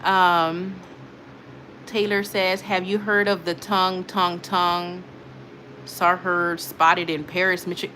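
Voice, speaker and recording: This livestream host is a woman with a comfortable middle-range voice, casually chatting through viewer comments during a late-night stream. Her delivery bounces from effusive praise to dismissing trolls, full of laughter, feeling, and repetition. There's a soft hiss of background noise.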